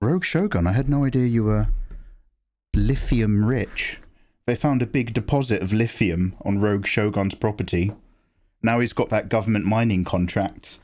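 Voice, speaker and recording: A man's voice: lowish voice, brisk. A man hosting a drawing livestream, chatting casually with viewers, joking and swearing freely. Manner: animated, swears freely, jokes with chat. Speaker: livestream host. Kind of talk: casual chat while drawing.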